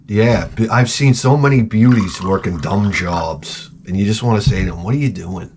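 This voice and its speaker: A man's voice: lowish voice, a little slow, noisy background. A man hosting a show, rambling through crude comedic chat and trailing off into mumbled asides. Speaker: show host.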